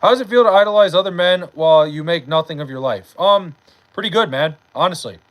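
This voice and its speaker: A man's voice: fairly high pitch, fast, a bit bright, poor audio. A young man chatting casually on a late-night livestream, reading chat aloud and bantering with loose, profane talk. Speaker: live streamer.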